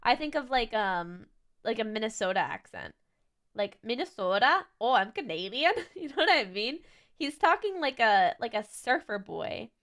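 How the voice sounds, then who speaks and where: A woman's voice: a little high, very animated, moderate pace, a bit bright. A young adult woman streaming, chatting casually as she reacts to a video, giggly and rambling with lots of "like" and restarts.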